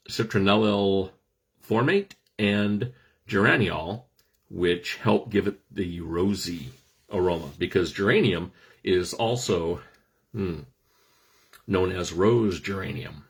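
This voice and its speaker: A man's voice: low-pitched, slightly rough. A middle-aged man hosting a casual talk on essential oils, explaining things with dry, self-deprecating jokes. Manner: joking, self-deprecating asides. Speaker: host.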